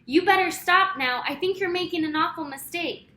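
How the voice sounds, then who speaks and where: A woman voicing a male truck driver who stays calm and keeps bursting into laughter. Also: high-pitched, normal speed, roomy sound, pitched above the performer's own voice. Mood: warning. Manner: loud, laughing through his lines.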